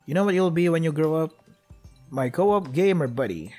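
A young man commentating his gameplay, joking, excitable, and talking to the characters on screen. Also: fairly high pitch, moderate pace, faint music behind. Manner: joking, excitable, talks to the game characters, laughs often. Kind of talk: let's play commentary.

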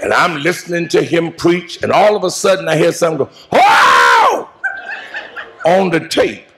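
A man preaching a funeral eulogy in a call-and-response style, moving into shouts and half-sung lines. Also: on the high side, fairly quick, noisy background. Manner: preaching cadence, rising to shouts and sung phrases. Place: large church sanctuary.

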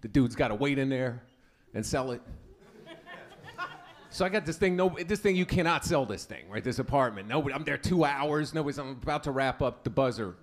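A man's voice: mid-range voice, expressive, a little fast. A man performing a stand-up set at a comedy club, telling a story with stuttering impressions. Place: comedy club with live audience.

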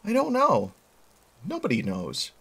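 A cheerful, easygoing young man, voiced by a man reading a book aloud, pitched up from a low voice. He sounds friendly and upbeat, with lively ups and downs. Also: unhurried, vocal fry, husky, heavily acted.

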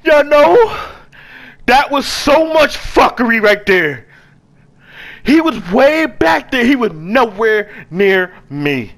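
Excitable male gamer, high and very animated, talks trash to the characters as he plays. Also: slow pace. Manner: excitable, swings from hushed muttering to yelling; talks to game characters with slang and swearing. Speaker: gaming video creator. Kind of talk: live let's play commentary.

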